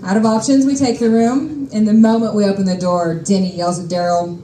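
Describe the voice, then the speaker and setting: A woman's voice: medium pitch, fairly even intonation, fairly quick, few pauses, dark tone, echoey room, slight background noise, rough recording. A young adult woman telling a personal story on stage, wry, exasperated and freely profane. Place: stage at a live storytelling show.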